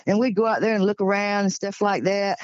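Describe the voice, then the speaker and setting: A Georgia woman in her sixties with a Southern accent, excitedly telling a story as an interview guest. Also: mid-range voice, a little fast, no echo, dull audio. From Georgia, USA. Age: 60s. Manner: animated, breathless retelling with exclamations. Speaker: guest telling encounter stories. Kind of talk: casual storytelling.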